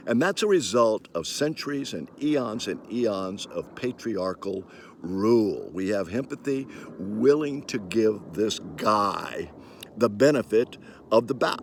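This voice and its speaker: An older man giving an emphatic opinion monologue, his voice swinging from quiet asides to sudden loud, high bursts. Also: slight background noise. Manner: animated and emphatic, with sudden rises in pitch and loudness. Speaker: commentator.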